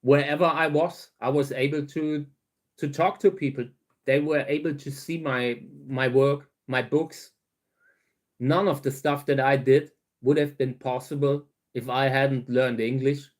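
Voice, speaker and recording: A man's voice: medium pitch, fairly even intonation, a little slow. A middle-aged man from Germany's Saarland with a thick German accent, talking casually to his viewers with many fillers and restarts. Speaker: cactus grower and channel host. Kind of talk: casual talk to camera.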